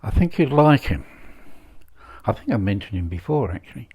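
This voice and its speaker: A man in his seventies giving a rambling casual monologue, halting and full of fillers, with dry wry humor. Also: fairly low pitch, big pitch swings, dark tone, breathy edge. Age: 70s. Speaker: vlogger.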